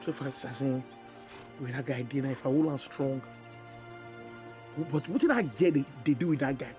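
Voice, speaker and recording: An actor with a Nigerian English accent playing a hopeful young jobseeker who stammers, gushes thanks and slips into pidgin. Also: male voice, mid-range voice, moderate pace, a little mellow, dull audio, faint music behind, close to an everyday voice. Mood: musing. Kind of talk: film drama acting.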